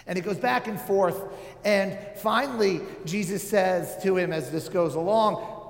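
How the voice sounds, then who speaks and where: A man preaches in a relaxed, talky way, full of fillers and wry asides. His voice sits a little high for a man. The sound carries a roomy, echoing tail, as if recorded in a large hall. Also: a little slow, creaky. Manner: casual, joking asides, many fillers. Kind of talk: conversational sermon. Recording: echoey hall with long reverb.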